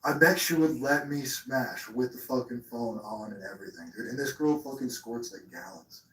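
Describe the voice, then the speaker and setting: A man's voice: medium pitch, normal speed, distant mic, heavy background noise. Young male streamer, crude and boastful, rambling, echoey room, off mic. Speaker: live streamer. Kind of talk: casual livestream chat. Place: room at home.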